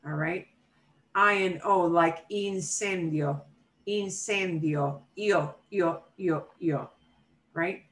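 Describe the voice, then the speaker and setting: Slow-paced woman teaching a class. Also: fairly low pitch, a bit bright, low-quality recording. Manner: models pronunciation by repeating words slowly. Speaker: Spanish teacher. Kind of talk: online class instruction.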